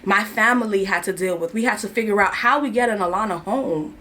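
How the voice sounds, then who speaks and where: A woman's voice: mid-range voice, brisk, hardly any pauses, bright, forceful tone. A young woman in her twenties from New York, telling a personal story to camera in candid, slangy, emotional chat. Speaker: vlogger. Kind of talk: casual confessional chat.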